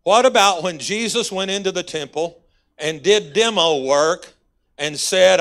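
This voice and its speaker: A man's voice: high-pitched, a little slow, fairly bright tone. A man with a Texas accent, a guest pastor preaching a folksy, conversational sermon in a church. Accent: Texan. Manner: folksy, conversational preaching with sudden emphatic rises.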